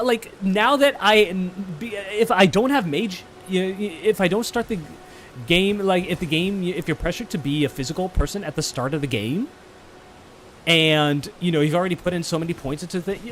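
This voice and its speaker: A man hosting a let's play, chatting casually about the game he plays, excitable, swearing and restarting his sentences. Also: high-pitched. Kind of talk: casual gameplay chat.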